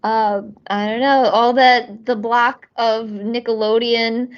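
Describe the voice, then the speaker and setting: A woman's voice: a little high, flat delivery, takes it slowly. A woman guest chatting casually on a podcast, rambling with lots of fillers and frequent laughs. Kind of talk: casual chat. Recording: dull lo-fi audio.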